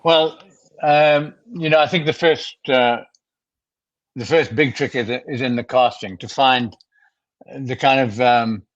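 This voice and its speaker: A man, a film director, answering interview questions in a measured, hesitant way. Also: medium pitch, steady tone, dry recording, dull audio. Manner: measured, hesitant, many fillers.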